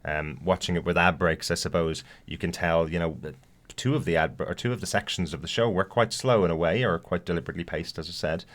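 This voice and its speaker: This podcast co-host, who isn't from the US, has a low, steady, slightly bright voice and talks fast while casually reviewing a TV episode. He sounds unsure, filling gaps and restarting frequently.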